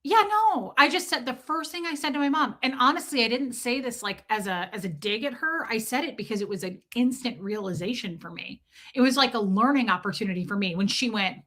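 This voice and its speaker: A woman's voice: a little high, brisk, bright, forceful tone. A woman hosting a casual livestream, rambling candidly, cursing freely and greeting viewers by name. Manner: reads out viewer names. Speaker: livestream host.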